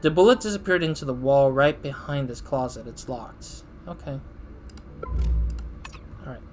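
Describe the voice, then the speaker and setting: A man's voice: mid-range voice, animated, measured pace, a little mellow, faint music behind. A man giving casual let's-play commentary, thinking aloud and laughing at himself. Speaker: gaming channel host.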